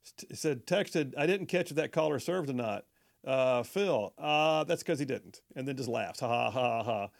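A man's voice: fairly high pitch, lively intonation, a little slow, creaky. Male talk radio host, folksy, loose delivery, trips over words. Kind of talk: talk radio reading listener texts.

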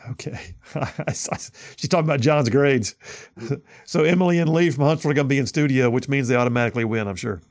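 Gravelly-voiced talk radio host. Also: male voice, mid-range voice, fairly quick. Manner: opinionated, conversational, frequent restarts. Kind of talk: conservative talk radio, reading listener messages.

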